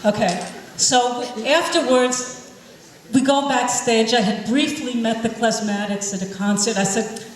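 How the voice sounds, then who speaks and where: A woman telling a lively stage anecdote, laughing and acting out the voices of others. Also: a little high, a little slow. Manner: animated, laughing, acts out other people's voices. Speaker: panel storyteller. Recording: echoey hall, distant mic, faint noise.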